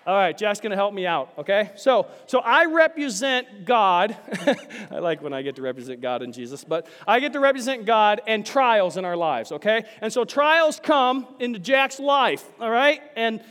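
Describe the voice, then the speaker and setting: A man preaching a sermon to a congregation, chatty with restarts and then rising to animated, emphatic bursts. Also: extremely high pitch, normal speed, clear, resonant tone. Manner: chatty asides, frequent restarts. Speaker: pastor. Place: large church sanctuary. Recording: long hall reverb.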